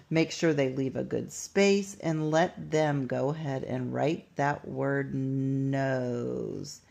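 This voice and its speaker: Woman teacher, low gravelly voice, unhurried, patient instructional delivery. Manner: patient, step-by-step, sounds out words slowly. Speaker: teacher demonstrating a writing lesson. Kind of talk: instructional walkthrough.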